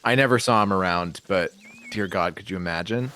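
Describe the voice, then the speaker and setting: A man's voice: deep voice, brisk, sharp tone, a little hiss or hum. A man making wry, rambling asides on a let's-play stream. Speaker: co-host. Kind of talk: casual let's-play chat.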